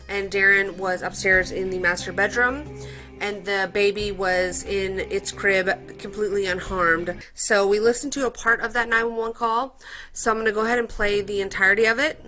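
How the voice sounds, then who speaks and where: Woman true crime host, bright sharp voice, casual talk to viewers. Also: medium pitch, rough recording. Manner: chatty, talks to viewers directly.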